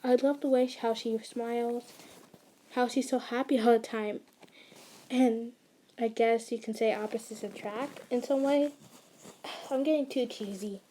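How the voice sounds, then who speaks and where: A woman reading the lines of a young male psychic boy who is guarded and awkward but sincere, in a plain, quiet and halting way. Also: a little high, fairly even intonation, slight background noise, lightly acted. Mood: shy. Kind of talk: audio fanfiction reading.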